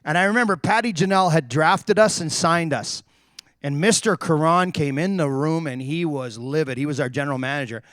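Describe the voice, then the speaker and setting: A man with a fairly high voice tells hockey stories with lots of energy, jumping into the voices of the people he quotes. The sound is close and dry, with no room around it. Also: brisk, no echo. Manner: animated anecdotes, acts out quotes. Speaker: retired hockey player telling stories. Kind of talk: storytelling on a live stream.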